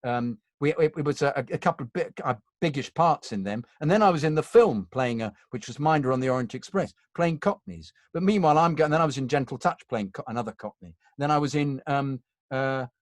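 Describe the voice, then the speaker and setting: A man's voice: medium pitch, brisk, hardly any pauses, dry recording, clean studio sound. A man in his sixties, an actor and interview guest, telling stories in a rambling way with many restarts and self-corrections. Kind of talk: casual anecdotal chat.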